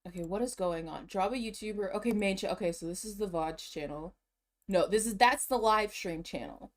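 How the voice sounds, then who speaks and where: A woman streamer chatting casually to herself while shopping and browsing online, excitable and slangy, laughing often, a bit out of breath. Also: mid-range voice, brisk.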